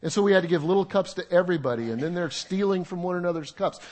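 Older preacher with a high voice. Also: male voice, fast talker, a little mellow. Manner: conversational, humorous preaching with audience asides. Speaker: pastor. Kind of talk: sermon. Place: church sanctuary with congregation.

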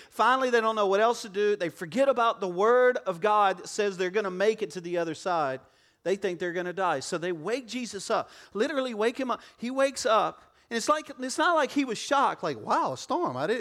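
A man's voice: sits high, moderate pace, a bit bright. A man preaching a sermon to a church congregation, joking and conversational, with frequent asides to the audience. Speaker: pastor. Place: church auditorium before a congregation.

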